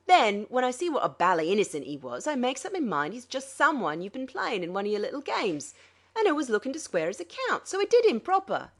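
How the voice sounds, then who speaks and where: A woman's voice: fairly high pitch, huge pitch swings, fairly quick, pitched above the performer's own voice, full character voice. A woman voicing a boastful, aggrieved male sea captain in an audiobook reading.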